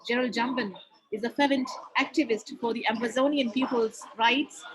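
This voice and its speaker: A woman's voice: a little high, steady tone, normal speed, a crowd in the background, poor audio. A woman moderating an online panel, hesitant and full of fillers.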